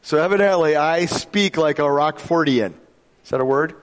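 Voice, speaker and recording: A man's voice: on the high side, normal speed. A man from Michigan preaching a sermon to a congregation in a conversational, joking way, often asking his listeners questions. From Michigan, USA. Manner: conversational, jokey, asks the audience questions. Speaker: pastor. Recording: long reverb of a large hall.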